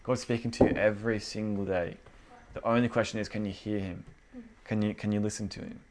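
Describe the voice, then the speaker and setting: A man's voice: lowish voice, flat delivery, fairly quick, darkish tone, slight background noise. A man preaching to a small indoor group in a casual, conversational way, acting out the inner voices of his listeners. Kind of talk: casual informal sermon.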